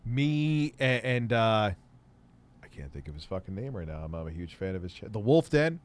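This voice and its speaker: A man's voice: lowish voice, very animated, moderate pace, darkish tone. A man hosting a live stream, chatting casually with rambling, mocking and profane remarks. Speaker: livestream host. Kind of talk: casual chat.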